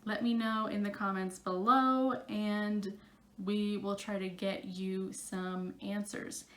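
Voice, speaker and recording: A woman's voice: medium pitch, fairly even intonation, slow, reverberant. A woman psychic coach talking casually to her camera, chatty and full of fillers.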